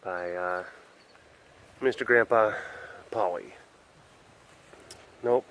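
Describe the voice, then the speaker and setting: A man's voice: fairly low pitch, very slow, a bit bright. A man hosting a casual walk-around webcast outdoors at an animal facility, rambling with lots of fillers and restarts. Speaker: vlog host.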